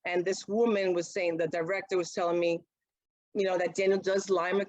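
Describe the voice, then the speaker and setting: A woman's voice: medium pitch, a little fast, no room sound, poor audio. A middle-aged woman, a guest mother, telling her story in a casual interview and acting out what others said. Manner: animated, acts out quoted speech. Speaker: guest, mother of an autistic son.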